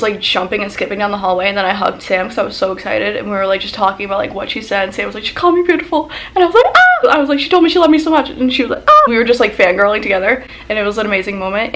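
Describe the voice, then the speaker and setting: A young woman vlogger telling a casual storytime as an excited fangirl, full of "like" and quoted dialogue. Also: medium pitch. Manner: excited fangirl gushing, lots of "like".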